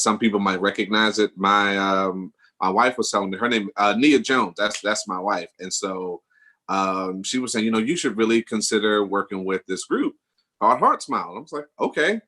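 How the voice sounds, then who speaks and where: A man speaking as a guest mentor on a video call, earnest and warm in his laughter, often restarting his phrases. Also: low-pitched. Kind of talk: casual video call conversation.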